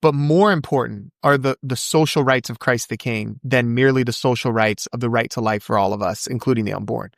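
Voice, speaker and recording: A man speaking as a podcast guest in casual conversation, fervent and quick to recite scripture from memory. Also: vocal fry, no echo, clean studio sound. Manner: acts out quoted voices with big pitch jumps.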